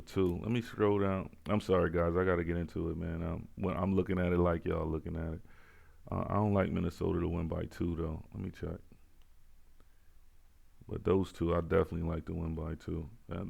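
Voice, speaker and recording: A man's voice: deep voice, vocal fry, darkish tone. A man hosting casual sports betting picks, laid-back and repeating himself as he talks to viewers.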